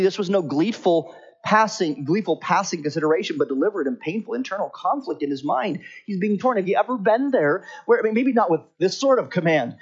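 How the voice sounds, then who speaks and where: Guy preaching a sermon, high voice that swings all over, kinda dull lo-fi sound. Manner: preaches with lively, swinging pitch and slow, stressed phrases. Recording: slightly dull lo-fi recording.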